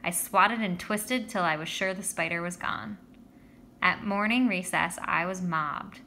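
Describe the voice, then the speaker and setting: Woman, audiobook narrator, first-person story, lively, bright tone, faint hum. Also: lowish voice, unhurried, vocal fry. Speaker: audiobook reader.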